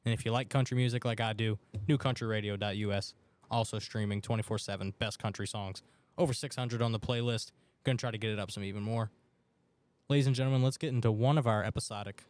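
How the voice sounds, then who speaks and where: A man co-hosting a sports betting podcast in a radio studio, chatting casually and excitably. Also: fairly low pitch, quick pace, no echo. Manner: excitable, chatty, loud outbursts for his team. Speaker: podcast co-host. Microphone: studio mic.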